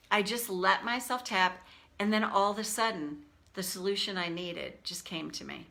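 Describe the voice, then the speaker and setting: Middle-aged female tapping coach, casual and confessional, bright tone, animated re-enactments. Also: fairly low pitch, vocal fry. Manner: candid, animated, acts out her own reactions in a raised voice. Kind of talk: casual teaching talk.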